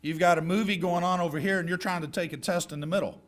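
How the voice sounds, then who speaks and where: A middle-aged man addresses a class of high school seniors in a folksy, joking way, handing out direct advice. His voice sits a little high for a man. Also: fairly even intonation, fast, fairly bright tone. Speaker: guest speaker.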